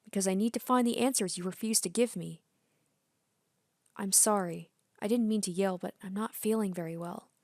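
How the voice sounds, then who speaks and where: A woman's voice: medium pitch, moderate pace, dry recording, clean studio sound, close to an everyday voice. A woman reading aloud the lines of an earnest girl heroine from a game, in a pleading tone.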